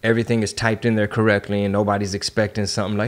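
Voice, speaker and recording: A man hosting a podcast, talking casually in slang and getting animated when he tells stories. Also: on the low side, very fast. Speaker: podcast host.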